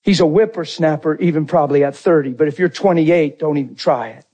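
A male preacher with a husky, slightly high voice delivers a sermon. He swings between loud, rising exclamations and quiet, low asides, pushing his points with force. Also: a little fast.

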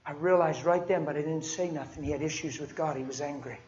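A man's voice: a little high, fast talker, darkish tone. A man preaching a sermon in an earnest, folksy, conversational storytelling way. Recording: dull, muffled sound with faint noise.

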